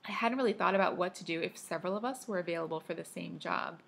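A woman reading a children's novel aloud in a lively way, now and then stopping to remark on the text. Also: fairly low pitch, fast talker, vocal fry. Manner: lively, breaking off to comment on the text. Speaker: reader.

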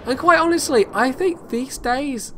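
A man's voice: very high voice, unhurried, fairly bright tone, slight background noise. A man giving casual, self-critical commentary over his own game replay, rambling with frequent restarts. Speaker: gameplay commentator.

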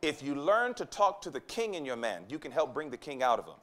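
Animated, high-voiced male preacher. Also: fairly quick. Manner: emphatic, repetitive, acts out quoted voices. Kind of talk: sermon. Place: conference hall.

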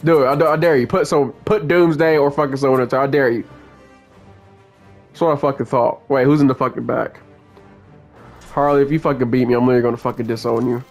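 A man's voice: mid-range voice, steady tone, fast talker, long pauses. A young man giving gameplay commentary as a channel host, angrily ranting and cursing at the game. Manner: angry, profane ranting at the game. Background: game music.

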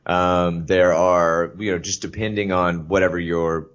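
A man with a deep, low-pitched voice talks through a podcast topic, stopping and restarting often with plenty of fillers. The audio is muffled and lo-fi. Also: flat delivery, fairly bright tone, clear, resonant tone. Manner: halting, many fillers and restarts. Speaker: podcast co-host. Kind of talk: casual podcast chat.

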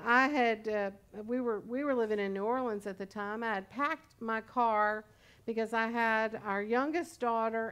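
A woman in her sixties preaches at a church service with a voice a little higher than most. She talks in a conversational, storytelling way and slips in humorous asides. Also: clean tone. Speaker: pastor. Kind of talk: sermon.

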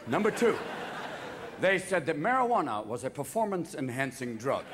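A man's voice: fairly high pitch, big pitch swings, very noisy. A man doing manic, profane stand-up comedy on a theater stage. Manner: manic, profane, rapid shifts of voice. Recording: live theater, audience laughter.

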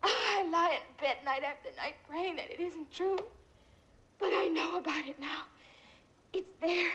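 An actress playing a woman confessing a long-hidden love for her friend in a halting, emotional way. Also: very high voice, a bit bright. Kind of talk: film drama.

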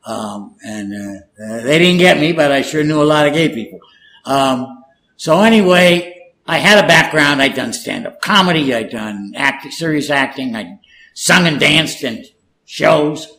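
A former war correspondent, an older Californian man and native Spanish speaker, guests on an interview and tells stories in a relaxed, animated way, acting out quoted speech. His voice is fairly high and creaky, at a measured pace, with poor audio.

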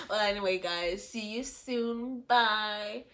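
A woman's voice: mid-range voice, slow pace. A woman recapping a reality TV episode in a casual, scolding way, mocking the people in it. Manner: animated, scolding, mocking the cast in put-on voices. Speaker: reality TV reviewer.

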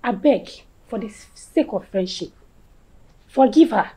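A Nigerian actress playing a loyal friend who pleads and soothes, mixing in Pidgin. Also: female voice, on the high side, lively intonation, measured pace, mellow, breathy edge, heavily acted, low-quality recording. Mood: pleading. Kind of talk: film acting.

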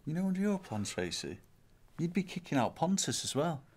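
A man's voice: fairly high pitch, very animated, brisk, a little mellow, breathy edge, full character voice. A man playing a vain, dim aspiring actor, earnest and self-important.

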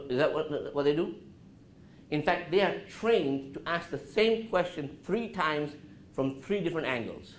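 Animated man lecturing a college class. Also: unhurried. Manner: animated, asks the audience questions, drops his voice low to show calm. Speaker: guest speaker at a college business class. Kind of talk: interactive talk to students. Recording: roomy classroom with faint noise.

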